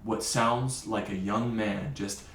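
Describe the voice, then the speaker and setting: A man's voice: on the low side, steady tone, takes it slowly, a bit bright, echoey room, a little hiss or hum. A man narrating as game master of a tabletop game, describing scenes and often correcting himself mid-sentence. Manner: descriptive, with frequent self-corrections.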